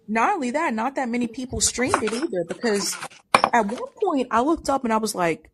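A woman's voice: on the high side, expressive, fairly quick, a bit bright, slight background noise. A woman co-hosting a podcast, chatting casually and rambling with restarts and fillers. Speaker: podcast co-host. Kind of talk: casual chat.

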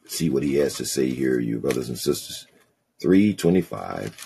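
A man preaching a sermon, reading scripture slowly and then exhorting his listeners with growing intensity. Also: a bass voice, expressive, creaky, mellow, slight background noise. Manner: slow, reads scripture aloud then preaches with rising intensity. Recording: call-in podcast audio.

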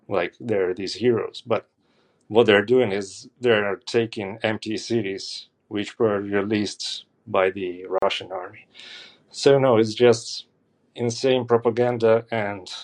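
A male caller with a lowish voice rambles through a long, emphatic take on a live call-in show. He keeps going, circling back and pressing his points. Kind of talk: call-in commentary.

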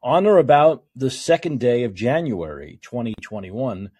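A husky male talk show host whose pitch swings widely as he moves between flat read-aloud passages and fired-up, swearing tirades. His tone turns mocking and exasperated when he argues. It's a single-voice political monologue. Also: normal speed. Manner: heated, sarcastic, profane ranting between calmer read-aloud passages. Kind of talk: reading legal documents aloud and ranting.

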